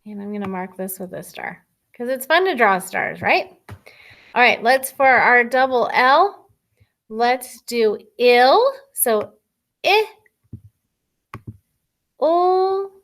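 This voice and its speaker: Woman teacher, kids' phonics video, slow patient delivery, slightly high voice. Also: expressive, a bit bright. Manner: slow, patient, thinking aloud while writing. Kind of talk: recorded phonics lesson for children.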